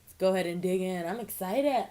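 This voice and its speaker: A woman's voice: lowish voice, a little fast, dark tone. A chatty young woman talks to her viewers as she eats. Her delivery is bubbly and casual, full of fillers and little exclamations. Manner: bubbly, chatty, lots of "like" and "ooh". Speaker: mukbang vlogger. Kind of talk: casual chat to camera while eating.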